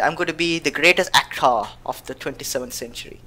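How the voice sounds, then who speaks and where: A woman's voice: sits low, a little fast, hardly any pauses, fairly bright tone, breathy edge. A woman streaming a game live, chatting playfully, humming and reading the game's text aloud. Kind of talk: live let's-play commentary.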